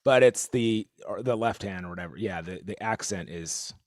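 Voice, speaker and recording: A man leading an online drum lesson, counting bars out loud and stopping to correct himself when he slips. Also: lowish voice, normal speed, no echo. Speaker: drum teacher leading a group warm-up. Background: drumming.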